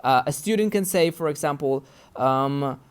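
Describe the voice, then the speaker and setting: A man's voice: on the high side, moderate pace, clean tone. A man teaching English pronunciation, patiently repeating example words and checking in with his listeners. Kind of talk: pronunciation lesson.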